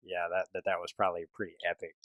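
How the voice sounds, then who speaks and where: A man's voice: low voice, flat delivery, very fast, a bit bright, dry recording, poor audio. A middle-aged man hosting a podcast, casual and loose, with many restarts and slang. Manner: loose, laid-back with many restarts and "dude". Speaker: podcast host. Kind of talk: casual chat.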